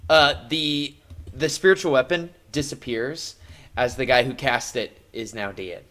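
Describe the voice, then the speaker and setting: Guy running a tabletop game on stream, slow, kinda sharp bright voice, goofy jokes. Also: mid-range voice. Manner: playful, jokey narration with fillers. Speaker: game master.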